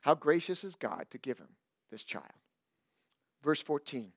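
A man's voice: on the high side, a little slow, gravelly, long pauses, no room sound, clean studio sound. A male pastor preaching a sermon, reading scripture and adding playful asides. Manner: animated, playful asides, reads scripture aloud.

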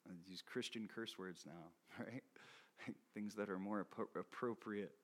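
Casual preaching man, lowish voice. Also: unhurried. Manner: conversational preaching, frequent "okay?" check-ins; laughs often, restarts and repeats words. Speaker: pastor. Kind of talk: sermon.

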